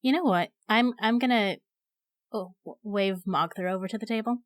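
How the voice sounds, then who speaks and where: A woman's voice: mid-range voice, moderate pace. A woman playing a tabletop game, chatty and upbeat. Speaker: player. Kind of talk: tabletop role-play chat.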